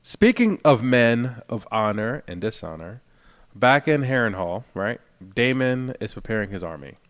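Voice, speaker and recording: Philly guy cohosting a tv recap podcast, mid-pitched, laid-back, just talking through scenes. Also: very animated, a little slow. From Philadelphia, USA. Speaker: podcast co-host. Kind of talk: casual TV recap chat.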